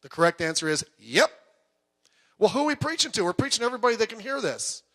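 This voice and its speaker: Through the church sanctuary's speakers, a pastor preaches from the pulpit in a high, bright, forward voice, very animated and rapid-fire. He keeps it conversational, breaking off for asides and personal anecdotes.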